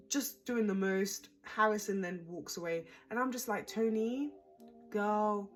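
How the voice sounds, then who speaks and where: A woman's voice: medium pitch, moderate pace. A young woman casually recapping a reality show, chatty, dramatic and exasperated.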